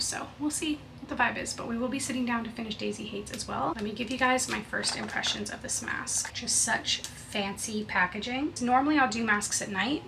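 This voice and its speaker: A woman's voice: mid-range voice, gravelly, sharp tone. A young woman vlogging casually at home, chatty and gushing, recorded on a basic camera mic. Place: home, indoors. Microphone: built-in camera mic, not her good mic. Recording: faint air conditioning hum.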